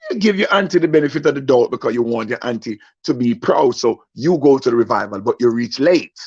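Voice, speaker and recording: A man's voice: mid-range voice, fairly quick, slightly rough. A young man, performing a stand-up story and acting out the people in it, often turning to ask the audience questions. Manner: animated storyteller, acts out voices, asks the audience. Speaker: comedian. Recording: muffled lo-fi recording.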